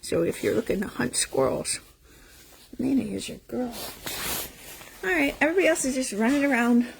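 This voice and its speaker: A woman's voice: fairly high pitch, lively intonation, normal speed, creaky, a little hiss or hum, low-quality recording. A woman who runs an animal rescue, talking casually to her phone camera in a barn full of dogs. She speaks affectionately to the dogs and laughs often. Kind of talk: casual morning vlog. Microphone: handheld phone camera.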